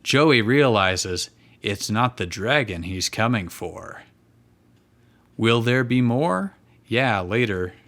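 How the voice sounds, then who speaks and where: A man reading fan fiction aloud with dry, deadpan comic timing as co-host of a live show. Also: lowish voice, takes it slowly. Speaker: reader and co-host.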